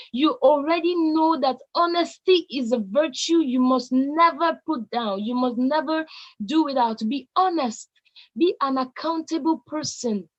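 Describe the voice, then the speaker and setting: A woman's voice: high voice, a bit bright, lo-fi sound. A Nigerian woman in her late teens giving an emphatic, repetitive motivational speech to young people. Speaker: youth speaker.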